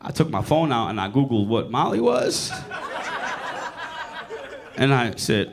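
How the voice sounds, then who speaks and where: A man in his late forties doing crude stand-up in a comedy club, swinging his pitch up and down as he tells his story. His voice has a gravelly rasp, and he keeps turning to tease the crowd. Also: a little slow, pauses often, background noise. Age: 40s. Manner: crude, animated storytelling with audience banter. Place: comedy club with live audience.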